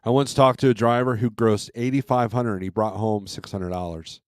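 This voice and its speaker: A man from Michigan hosts a casual trucking livestream, rambling as he reads load listings aloud and comments on each. His fairly low voice is steady and fairly quick, with clean studio sound and no room noise.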